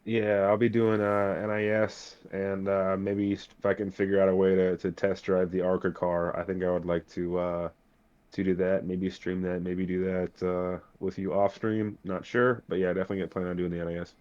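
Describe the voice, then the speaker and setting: Male co-host, low monotone voice, steady and encouraging, muffled lo-fi audio. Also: normal speed, smooth. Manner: steady, encouraging, plain-spoken. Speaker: podcast co-host and sim racer. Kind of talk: casual chat. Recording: dull lo-fi sound.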